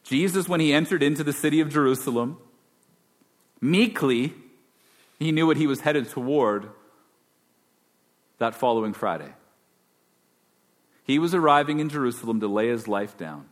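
A man's voice: medium pitch, lively intonation, normal speed, long pauses. A man preaching a sermon as pastor, conversational and then emphatic. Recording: long hall reverb.

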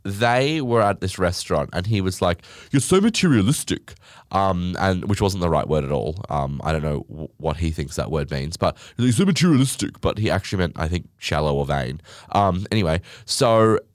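A man's voice: sits low, moderate pace, few pauses, dry recording, studio quality. A young man hosting a podcast, ranting sarcastically and swearing often. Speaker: podcast host. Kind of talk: casual podcast rant.

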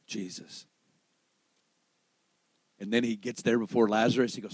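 A man's voice: lowish voice, level tone, measured pace, long pauses, slightly rough, no room sound. Dramatic preacher man, dry close sound. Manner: dramatic, swings between loud exclamation and hushed storytelling; acts out quoted dialogue in the stories he tells. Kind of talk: sermon.

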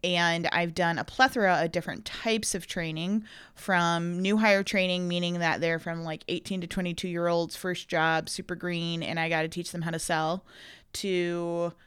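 A woman, a corporate trainer, chatting as a guest on a casual podcast, upbeat and quick to talk over others. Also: fairly low pitch, fairly even intonation, fairly bright tone, clear, resonant tone, no echo, studio quality.

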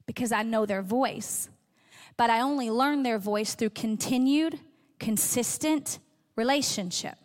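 A middle-aged woman pastor giving an earnest, conversational sermon, acting out little quoted exchanges as she teaches. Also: on the high side. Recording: long hall reverb.

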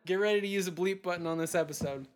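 A man hosting a comedy podcast game show, chatting in a playful, rambling way with quick laughs. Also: high-pitched. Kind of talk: casual comedy podcast chat.

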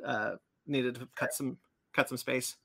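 Bright-voiced man rambling casually. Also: mid-range voice, steady tone, measured pace, creaky. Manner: rambling, many fillers and restarts. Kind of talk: casual chat about comics and cartoons.

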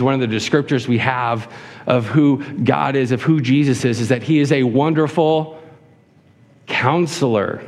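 A man preaching a sermon as a pastor, earnest and full of rhetorical questions. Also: fairly high pitch. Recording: hall reverb.

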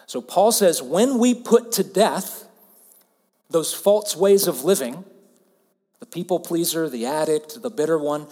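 A man in his thirties from Alabama with a Southern US accent, preaching a sermon earnestly and dropping to hushed softness for emphasis. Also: fairly high pitch, measured pace, long reverb tail. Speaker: pastor.

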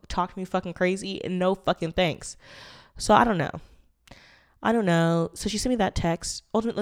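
A young woman in her twenties hosting a casual solo podcast, talking candidly and rambling with lots of fillers and swearing. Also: lowish voice. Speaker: podcast host.

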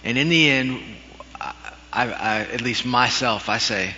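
A man's voice: medium pitch, measured pace, bright, forceful tone, slight background noise. A man preaching a sermon, telling a story from his childhood in an earnest way with some self-deprecating humor. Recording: dull recording with long hall reverb.

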